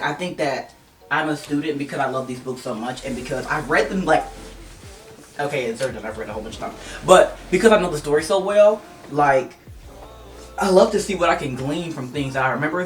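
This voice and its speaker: A book vlogger chatting casually and excitably, gushing and quick to laugh. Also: medium pitch. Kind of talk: casual chat. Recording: roomy, distant mic, faint music.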